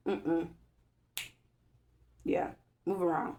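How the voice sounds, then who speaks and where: Gravelly-voiced woman ranting profanely. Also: medium pitch, measured pace. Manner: agitated, profane, repetitive. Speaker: vlogger. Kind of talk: angry rambling monologue to camera.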